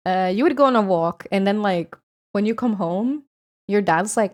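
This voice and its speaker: A woman's voice: mid-range voice, moderate pace, a little mellow. A woman from Sweden with a Swedish accent, streaming and chatting casually with viewers in a rambling, swearing style.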